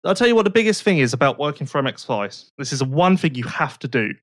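A man's voice: on the high side, sing-song, fast, dry recording, clean studio sound. A young man co-hosting a casual podcast, rambling and correcting himself. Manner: rambling, self-correcting, chatty. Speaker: podcast co-host.

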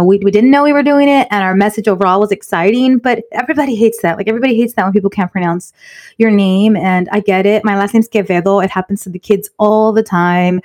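A woman co-hosting a podcast in casual chat, talking fast in an earnest way. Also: mid-range voice. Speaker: podcast co-host.

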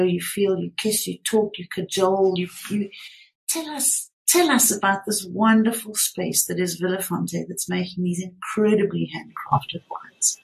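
A woman's voice: fairly low pitch, creaky, low-quality recording. A woman hosting an interview, effusive and enthusiastic as she prompts her guest. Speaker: host. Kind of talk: radio interview.

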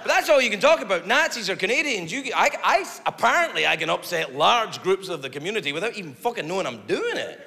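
A man's voice: sits high, sing-song, fast, gravelly, hardly any pauses. A man doing stand-up comedy live, rambling and profane, mocking himself as he goes. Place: live comedy venue with audience. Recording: reverberant live room with loud crowd.

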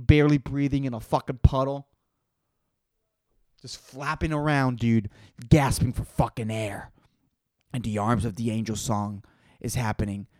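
Clean studio sound without echo captures a young man's fairly high-pitched voice. Alone on his podcast, he rants in an exasperated, sarcastic way, swearing freely for comic effect.

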